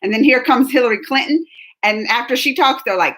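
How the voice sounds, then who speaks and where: A woman's voice: high voice, expressive, moderate pace, sharp tone. A woman streamer chatting casually with her viewers, reading chat comments aloud and laughing often.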